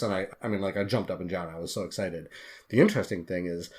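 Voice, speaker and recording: A man's voice: sits low, steady tone, fast talker. A man, a guest author on a podcast interview, telling his story in an earnest, heartfelt way.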